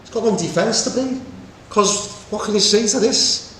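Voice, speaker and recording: A man preaching a Bible teaching, animated and acting out the voices in the story. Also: high voice, moderate pace, slight background noise. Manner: animated, acts out voices of God and Moses. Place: meeting room with congregation. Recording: echoey room with faint ambience.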